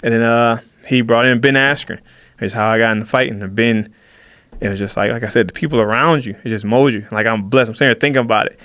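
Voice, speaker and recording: A man telling a story from his life in a casual chat, quickly and with animation, and voicing the people he quotes. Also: mid-range voice, no room sound. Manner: fast, animated storytelling, acts out quotes of others. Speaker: podcast guest, fighter.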